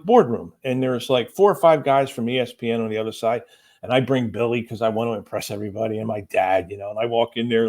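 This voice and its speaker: A man, a company president, telling a lively business anecdote as a podcast guest, acting out the people he quotes. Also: medium pitch. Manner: animated anecdote-telling, acts out quoted voices. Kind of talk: storytelling interview answer.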